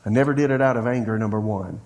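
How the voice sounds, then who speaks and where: A man's voice: fairly low pitch, fast, darkish tone. A middle-aged man preaching a sermon as pastor, telling folksy stories and acting out family dialogue. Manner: folksy storytelling preacher who acts out dialogue.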